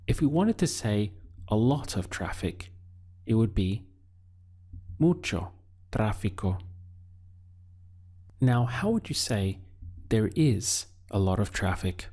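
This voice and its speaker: A man teaching a Spanish lesson, speaking deliberately and pausing so the learner can answer. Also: fairly low pitch, lively intonation, dark tone, breathy edge. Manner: slow, deliberate teaching with pauses for learner practice. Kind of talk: video language lesson.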